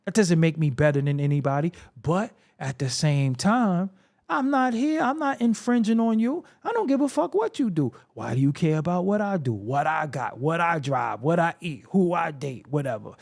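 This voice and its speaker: A man's voice: fairly high pitch, animated, moderate pace, creaky, darkish tone. A man hosting a solo hip-hop commentary show, talking bluntly and profanely, with a confrontational, preaching manner. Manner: repetitive, preaching.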